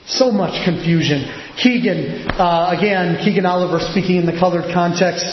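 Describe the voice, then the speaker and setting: High-voiced man preaching in an echoey hall. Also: normal speed. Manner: animated preaching, rising and pressing with rhetorical questions. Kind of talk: sermon. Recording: echoey hall, dull lo-fi sound with faint noise.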